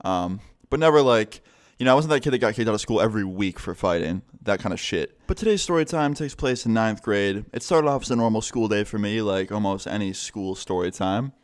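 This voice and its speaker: A man's voice: fairly low pitch, expressive, fairly quick. A young man telling a story in a casual, rambling way, swearing a lot. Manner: profane, rambling, full of fillers. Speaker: vlogger.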